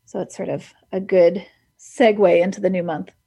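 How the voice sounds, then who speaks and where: A woman's voice: lowish voice, steady tone, moderate pace, warm tone, husky. A woman hosting a radio show, chatting casually and enthusiastically about books and laughing easily. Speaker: radio host. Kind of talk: casual book chat on radio.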